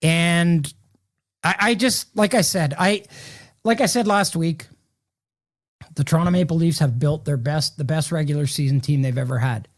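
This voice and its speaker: A man's voice: on the high side, normal speed. A man, a hockey analyst, in casual podcast chat, stressing his points with emphatic repetition.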